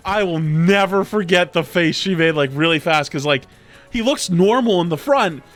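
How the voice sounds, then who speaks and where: A young man in his twenties, a streamer casually telling a story, animated and profane, often getting loud. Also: high-pitched, normal speed, faint music behind. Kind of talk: casual storytelling while gaming.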